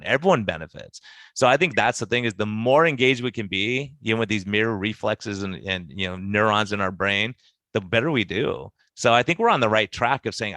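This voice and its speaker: A man's voice: lowish voice, no room sound. A man who works as a physician, talking casually on a podcast and acting out his patient conversations. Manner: animated, acts out patient conversations in quotes.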